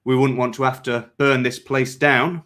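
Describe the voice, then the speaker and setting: A man's voice: mid-range voice, flat delivery, normal speed, fairly bright tone, close to an everyday voice. A man reading fiction aloud and voicing a male patrol soldier, sneering and threatening at first, then stammering and frantic. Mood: menacing. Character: arrogant male patrol soldier turned panicked.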